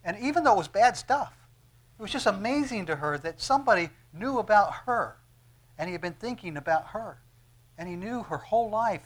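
Animated male preacher with a high voice. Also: brisk. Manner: animated, swings from soft to loud with frequent restarts. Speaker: pastor. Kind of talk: sermon.

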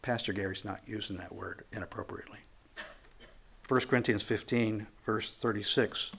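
A man's voice: fairly low pitch, fairly even intonation, moderate pace, gravelly, fairly bright tone, breathy edge. A man, a pastor, preaching a conversational sermon, acting out quotes and building to emphatic, raised passages.

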